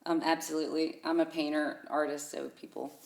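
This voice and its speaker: A woman guest in a casual chat, playful and quick to laugh. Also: low voice, flat delivery, vocal fry, echoey room.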